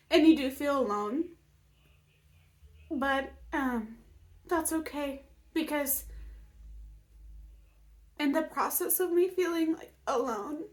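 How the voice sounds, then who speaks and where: A woman vlogging casually about her healing, emotional and open, with many fillers and moments where she drops to a whisper. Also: high voice. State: emotional, near tears. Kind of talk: casual personal vlog.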